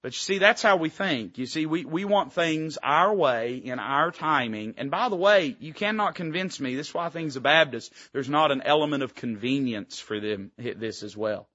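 A man's voice: fairly high pitch, lively intonation, moderate pace, hardly any pauses, a bit bright, dry recording, dull audio. A man preaching a sermon as pastor, folksy and emphatic, throwing out rhetorical questions to the congregation. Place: church sanctuary.

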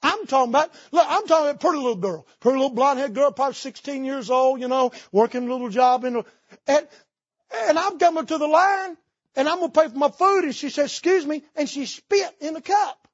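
A man's voice: very high voice, fast talker, no room sound, muffled recording. A man, preaching a sermon in a church and telling folksy stories. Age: 50s. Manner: folksy storytelling with Southern idioms. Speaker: pastor. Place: church sanctuary.

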